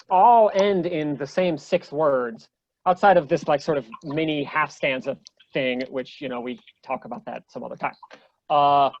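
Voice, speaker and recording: A man's voice: fairly high pitch, no echo, dull audio. A man giving an online lecture to a group, eager and full of ums and restarts as he explains. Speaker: presenter.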